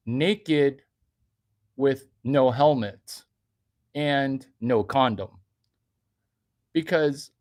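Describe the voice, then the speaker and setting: A man giving a brash, bragging comedic monologue, talking provocatively and suddenly getting louder for emphasis. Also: mid-range voice, dry recording, studio quality. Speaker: vlogger.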